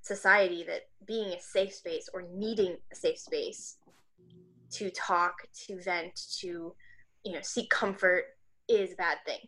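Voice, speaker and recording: Gentle reflective woman. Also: on the low side, fairly even intonation, measured pace, low-quality recording. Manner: gentle, reflective explaining with restarts. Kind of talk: casual conversation.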